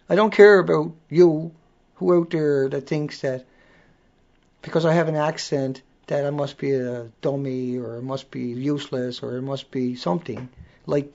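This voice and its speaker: On a casual livestream, the accented host rants bluntly, cursing freely. His voice is on the high side, gravelly and a little mellow, at normal speed, with the sound coming through dull and lo-fi.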